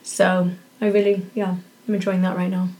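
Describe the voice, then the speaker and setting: A woman's voice: lowish voice, flat delivery, normal speed, a little mellow. A woman from Yorkshire, chatting as a podcast guest and filling her talk with "you know" and "um". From Yorkshire, England. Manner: chatty, many fillers and restarts. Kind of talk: casual interview chat.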